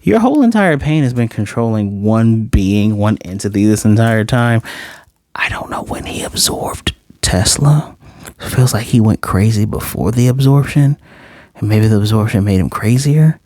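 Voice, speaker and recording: Low-voiced man rambling through a review. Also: expressive, moderate pace, mellow, no room sound. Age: 30s. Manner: rambling, self-correcting, chatty asides. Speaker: anime reviewer. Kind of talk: casual spoken review.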